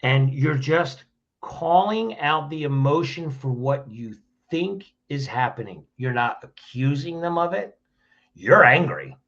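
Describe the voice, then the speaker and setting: A man's voice: fairly high pitch, animated, unhurried, fairly bright tone, muffled recording. A man speaking as a podcast guest, giving conversational advice in a plainspoken way and often restarting his phrases. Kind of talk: conversational advice on handling anger.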